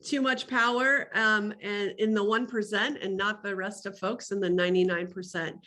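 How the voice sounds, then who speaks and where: Bright-voiced woman hosting a video call. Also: mid-range voice, steady tone, normal speed. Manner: friendly, reads out chat comments. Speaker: host. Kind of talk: welcoming participants in an online session.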